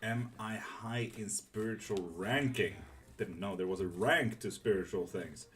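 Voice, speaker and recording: Reading comments on his live tarot stream, a man chats casually with viewers in a lowish voice at a measured pace. He tends to ramble, dropping fillers and now and then a swear word.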